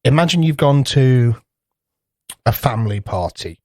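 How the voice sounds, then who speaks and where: A man's voice: mid-range voice, lively intonation, a little slow, warm tone, dry recording, clean studio sound. A man co-hosting a podcast in casual chat, rambling through anecdotes, swearing freely and acting out little voices. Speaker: podcast co-host.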